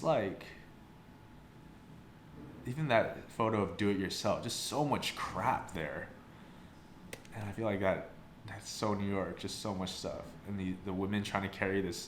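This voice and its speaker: A young man casually reviewing a photobook, rambling and swearing, with lots of "like". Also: on the low side. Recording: roomy sound with faint background noise.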